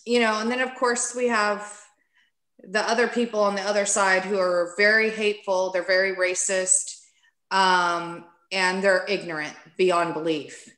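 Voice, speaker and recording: A woman guest on a podcast, candidly telling a personal story in a casual, animated way and acting out what people said. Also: mid-range voice, echoey room. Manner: candid, animated, acts out quoted speech.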